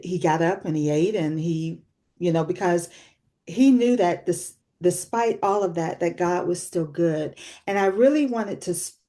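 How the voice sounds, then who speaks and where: A woman's voice: fairly low pitch, dark tone. A woman in her sixties, a guest author sharing a personal story in an interview, reflective and earnest. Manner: reflective, earnest, with frequent fillers. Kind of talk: personal testimony in a talk-show interview.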